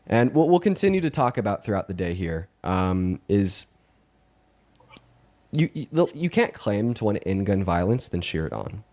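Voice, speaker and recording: A man's voice: lowish voice, very animated, moderate pace, darkish tone. Earnest male streamer, stumbling restarts. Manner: earnest, repetitive, many restarts. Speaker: livestream host. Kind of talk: livestream commentary.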